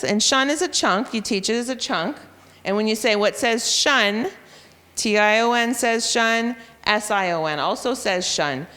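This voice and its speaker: A woman teacher presenting a reading intervention method to other educators, spelling out letters and sounds slowly and clearly. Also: on the high side, a bit bright, in a large hall. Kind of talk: professional development presentation. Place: school room or hall.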